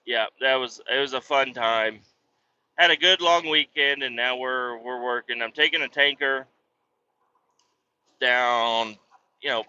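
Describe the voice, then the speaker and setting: A man in his thirties casually telling stories about his kids and his work, animated and swearing freely. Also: medium pitch, clean tone. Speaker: vlogger, truck driver. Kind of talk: casual storytelling vlog. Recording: dull lo-fi sound.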